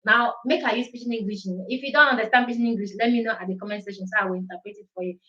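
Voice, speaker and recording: A Nigerian Igbo-speaking woman hosts a casual live chat from home, her slightly high voice pushed and bright, very fast, with fairly even intonation. She slides between English, Pidgin and a little Italian, and the live-stream sound is roomy and slightly dull.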